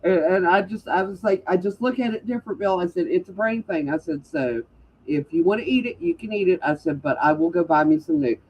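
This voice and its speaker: A woman's voice: on the low side, lively intonation, a little fast, breathy edge. A woman chatting casually, rambling and restarting her sentences. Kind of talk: casual chat. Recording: slightly dull stream audio.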